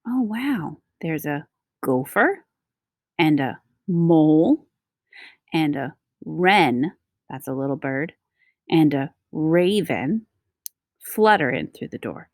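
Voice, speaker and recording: Slow, expressive woman reading a picture book. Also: sits low, no echo, clean studio sound. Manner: slow, expressive, explains words to young listeners. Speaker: storyteller reading to children. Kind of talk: picture book read-aloud.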